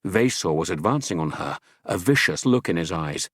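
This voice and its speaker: A male audiobook narrator tells the story in a measured, steady way. His voice is very low and husky. The recording is dry and close. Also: no room sound. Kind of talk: scripted narration.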